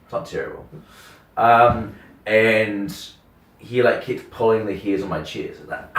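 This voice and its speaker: The recording is roomy, from a distant mic, capturing a young radio host telling a story. In a fairly low voice at a moderate pace, he chats casually and rambles animatedly, full of "like" and performed quotes.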